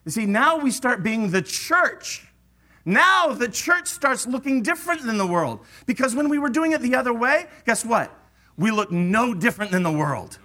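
A middle-aged man preaching a sermon, animated and acting out the voices of churchgoers. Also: very high-pitched, normal speed.

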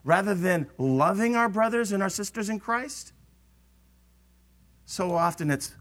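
Animated preacher man, bright voice. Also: high voice, measured pace, long pauses. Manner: animated, acts out voices of churchgoers. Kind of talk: sermon.

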